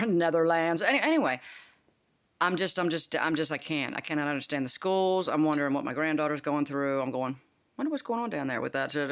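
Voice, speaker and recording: An older woman ranting to camera in a heated, profane, rambling vlog monologue. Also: low voice. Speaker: vlogger.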